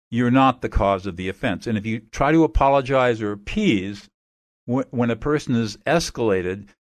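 A man being interviewed as an expert guest, calmly explaining methods in a measured, instructive way. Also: medium pitch, no echo.

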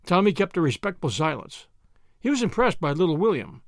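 A man reading a novel aloud as an audiobook narrator, with measured storytelling. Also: a little high, big pitch swings, no echo, studio quality. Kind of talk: scripted narration.

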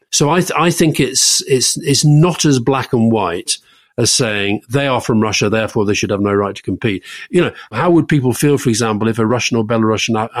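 A man co-hosting a podcast, giving measured opinions in casual political chat, with frequent stammering restarts. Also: mid-range voice, no room sound, studio quality. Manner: measured, stammering restarts, quick to lift into emphasis. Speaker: podcast co-host.

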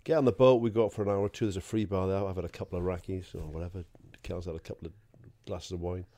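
A man's voice: low voice, steady tone, quick pace, mellow. A man, a podcast co-host, telling a rambling anecdote, swearing freely and laughing as he goes. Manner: swears freely, laughs through his story.

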